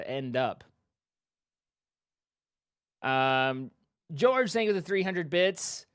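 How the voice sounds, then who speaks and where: A man's voice: on the high side, clear, resonant tone, no room sound, studio quality. A man streaming live, casually thanking viewers by name and making playful joking asides. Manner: reads out donor names, playful joking asides.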